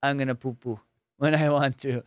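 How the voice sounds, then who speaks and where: A tired old dog grumbles and swears bluntly, as a man puts him on, low and a little hushed. The voice sounds fed up but matter-of-fact. It is recorded close and dry, with a smooth tone. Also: fairly even intonation, normal speed, no room sound, natural voice. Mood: weary.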